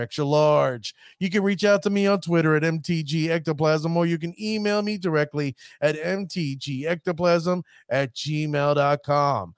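A man hosting a podcast with a somewhat high voice, hyping things up like a showman and stretching words for emphasis. The sound is dry and close, with no room in it. He keeps a loose, chatty manner between the big announcements. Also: clean tone, dry recording, soft background music. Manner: showman-like hype, drawn-out emphasis. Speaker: podcast host. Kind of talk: casual podcast chat.

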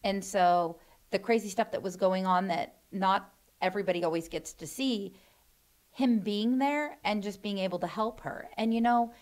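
A woman's voice: medium pitch, a little mellow. Earnest middle-aged mother. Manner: earnest, defends her son at length. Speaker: mother of a guest. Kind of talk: emotional family discussion.

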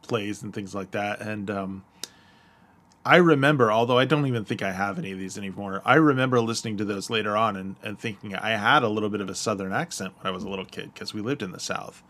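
A man's voice: fairly low pitch, fast talker, a bit bright. An American man co-hosting a podcast, chatting casually, hesitant with many fillers and frequent laughs. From United States. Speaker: podcast co-host. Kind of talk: casual chat.

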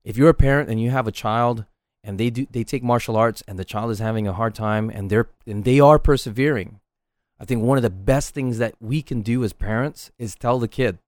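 A man's voice: mid-range voice, normal speed, a little mellow, no echo, studio quality. A middle-aged man, a martial arts instructor, talking earnestly on his podcast, often checking in with "right?". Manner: earnest, coaching tone, frequent "right?" tags. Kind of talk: casual solo podcast talk.

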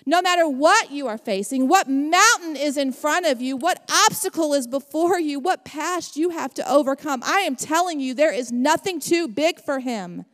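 A woman's voice: high-pitched, animated, normal speed, hardly any pauses, fairly bright tone, in a large hall. A middle-aged woman preaching a sermon, calling out to her congregation with rising passion. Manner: impassioned, calls out to the congregation. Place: church sanctuary.

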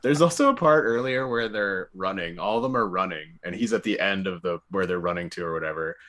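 A man's voice: deep voice, brisk, fairly bright tone. A man co-hosting a podcast, giving blunt, opinionated takes on a movie in casual chat. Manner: opinionated, laughs between points. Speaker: podcast co-host.

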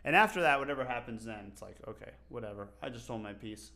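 A man's voice: mid-range voice, lively intonation, fast talker, pushed and bright. A young man co-hosting a podcast, joking around in casual chat, swearing freely and laughing often. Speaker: podcast co-host.

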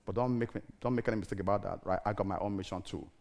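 A middle-aged man preaching a sermon in an animated, theatrical way, firing rhetorical questions at the congregation. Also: lowish voice, very fast, gravelly.

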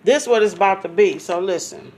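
A radio show host talking excitedly and hyped up with a guest artist and the listeners. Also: mid-range voice, fairly quick. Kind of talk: casual radio interview.

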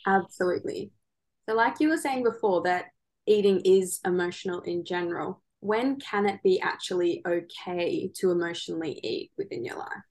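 Low-voiced woman hosting a podcast. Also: moderate pace, darkish tone. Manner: agreeable, casual, uses "like" and "kind of". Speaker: podcast host. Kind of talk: conversational podcast interview.

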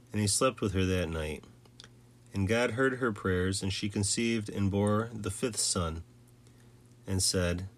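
Low-voiced man reading scripture aloud. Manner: measured, with occasional slips and restarts. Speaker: scripture reader.

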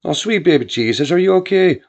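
A woman's voice: on the low side, animated, brisk, a little mellow, voice pushed up. A man voicing a worried, tearful mother who is close to crying. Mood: anxious. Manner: anxious, near tears. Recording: dull lo-fi with faint music.

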